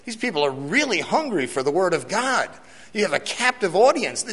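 A man with a fairly high voice delivers an earnest sermon testimony to his congregation. He repeats key lines for weight and asks the crowd questions. His voice rings out with a long reverb through a church hall. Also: fairly bright tone. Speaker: church elder giving testimony.

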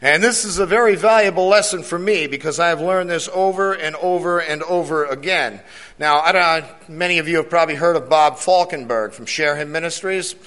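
A man's voice: fairly high pitch, a little fast, fairly bright tone. A man, a church elder, giving an earnest sermon testimony to a congregation, repeating key lines and putting questions to the crowd. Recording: long reverb of a church hall.

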